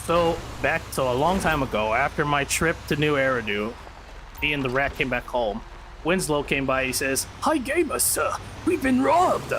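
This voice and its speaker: A man's voice: mid-range voice, moderate pace, a bit bright. A man streaming, casually telling a rambling story to his chat. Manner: rambling, restarts, addresses chat. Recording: air-conditioner hum behind.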